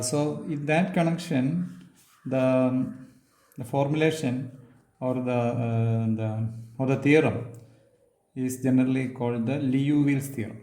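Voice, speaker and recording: A man giving a physics lecture, pausing often with fillers and restating points as he writes. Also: mid-range voice, dark tone, echoey room. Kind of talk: physics lecture while writing on a board.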